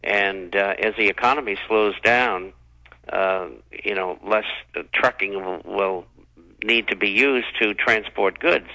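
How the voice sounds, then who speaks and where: A man speaking as a guest on a talk radio show, hesitant, with many pauses and restarts. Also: lowish voice, pushed and bright, poor audio. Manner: halting, lots of uhs and restarts.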